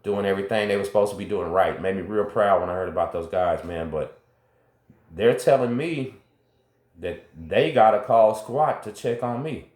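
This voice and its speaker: In a relaxed, slangy first-person story aimed straight at viewers, a middle-aged host speaks at a moderate pace. His fairly low voice is a little mellow, and the sound is roomy.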